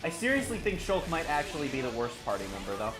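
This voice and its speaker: A man's voice: a little high, big pitch swings, quick pace, echoey room. A man giving rambling, joking commentary while live streaming a game, with mild swearing. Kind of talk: casual live gameplay commentary. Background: game music.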